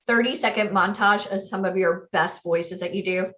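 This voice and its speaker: A woman's voice: mid-range voice, normal speed, fairly bright tone. A woman hosting an interview, playfully prompting her guest for more. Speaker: host. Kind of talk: casual interview. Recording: roomy, dull sound.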